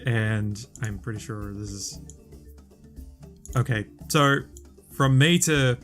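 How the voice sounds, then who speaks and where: A man's voice: fairly low pitch, takes it slowly, a bit bright, faint music behind. A man playing in a tabletop game, thinking aloud hesitantly as he declares his moves. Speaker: player. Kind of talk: casual tabletop play.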